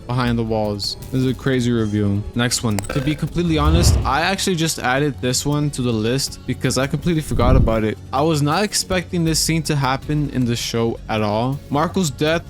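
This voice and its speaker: A man hosting an anime reaction video in casual commentary, excitable and swearing freely. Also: mid-range voice, fairly quick, few pauses, soft background music. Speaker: YouTube anime reaction host.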